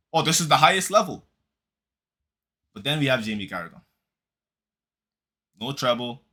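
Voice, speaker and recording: A man's voice: fairly high pitch, huge pitch swings, normal speed, long pauses, sharp tone. Fired-up man in a mocking football rant. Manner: heated, mocking, repeats lines for emphasis; speaks in street slang. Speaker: football fan commentator. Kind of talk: reaction commentary.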